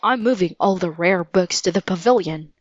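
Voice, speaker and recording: A woman's voice: fairly low pitch, normal speed, no room sound, natural voice. A woman reading aloud and voicing a careful, brusque grown man in a storybook. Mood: firm. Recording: dull lo-fi dry recording.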